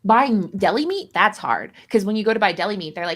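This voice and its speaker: A woman's voice: mid-range voice, animated, fast talker, hardly any pauses, fairly bright tone. A woman co-hosting a live stream in casual chat, rambling and self-deprecating with a jokey edge. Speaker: streamer co-host. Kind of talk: casual stream chat about a card game.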